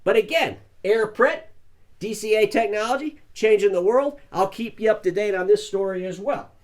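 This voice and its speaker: A man's voice: sits high, normal speed. An older man hosting a satirical news show, talking in a folksy, mock-earnest way with chuckling asides. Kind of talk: deadpan satirical news monologue.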